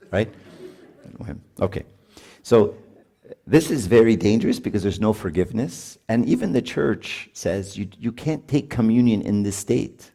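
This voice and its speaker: Here a priest talks casually to couples on a marriage retreat, dropping in "right?" and laughing while he speaks. His voice sits on the low side, creaky and darkish, animated and at a moderate pace.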